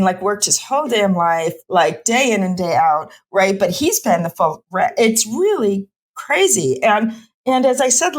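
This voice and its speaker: A middle-aged woman physician in a podcast interview, talking with passion in long run-on bursts full of "like". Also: medium pitch. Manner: impassioned, speaks in run-on bursts with many "like" fillers. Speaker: physician and homelessness researcher.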